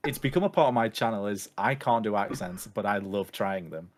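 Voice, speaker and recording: A man's voice: lowish voice, brisk. A male actor appearing as a guest in a casual chat, easygoing and modest.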